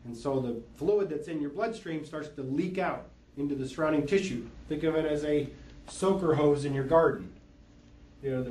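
An optometrist with a mid-range voice explains eye health and lenses to listeners, relying on familiar everyday analogies and plenty of patience. A faint hiss or hum runs under the audio, which was captured far from the mic in a reverberant room.

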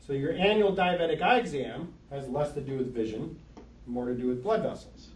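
A man explains eye care patiently to a small group, reaching for plain everyday comparisons. His voice sits a little high for a man and comes from some way off the mic. The room is echoey, with faint background noise. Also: normal speed, recorded from a distance. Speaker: eye doctor. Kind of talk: explaining to an audience.

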